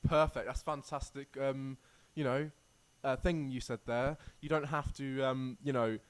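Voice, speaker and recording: A man co-hosting a casual podcast, talking in an excitable, exclaiming way. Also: mid-range voice, measured pace, clear, resonant tone. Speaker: podcast co-host. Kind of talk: casual chat.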